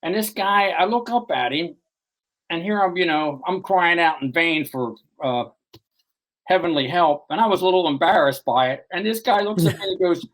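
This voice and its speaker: A man's voice: on the high side, moderate pace, low-quality recording. Guy telling his own story in an interview, lots of you know and restarts, rambly. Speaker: author guest. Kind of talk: recounting a personal story in an interview.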